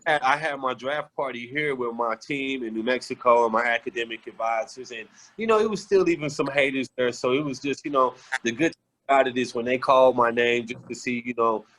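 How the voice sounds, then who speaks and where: A man's voice: mid-range voice, a little fast, low-quality recording. Candid, profane man telling stories. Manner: candid, profane, animated retelling. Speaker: podcast guest, former pro basketball player. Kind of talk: casual storytelling.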